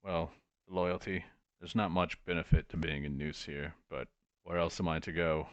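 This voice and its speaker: Name: shifter. Figure: a man playing a wistful shifter family man. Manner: nostalgic, rambling. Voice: very low, dry. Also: level tone, moderate pace, fairly bright tone, no room sound, muffled recording. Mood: advising.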